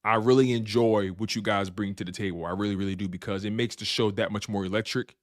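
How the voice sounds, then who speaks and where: A man's voice: on the low side, fairly even intonation, fast talker. A man hosting a fan sports talk stream, hyped and repetitive, trash-talking the rival team. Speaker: sports show host. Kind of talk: animated sports talk livestream.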